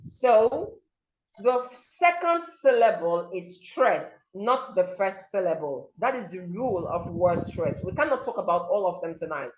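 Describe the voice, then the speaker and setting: A woman's voice: lowish voice, sing-song, unhurried, darkish tone, muffled recording. A woman teaching a pronunciation seminar, saying example words over and over to model the stress. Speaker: diction teacher.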